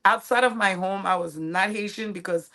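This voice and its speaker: A woman in her forties, a guest chef, telling her life story in a casual, animated interview. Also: mid-range voice, normal speed. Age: 40s. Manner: animated, acts out family quotes.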